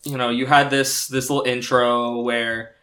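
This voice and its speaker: Bright-voiced young game master. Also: male voice, medium pitch, level tone, unhurried. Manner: self-deprecating, rambling. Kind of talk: casual chat and game recap.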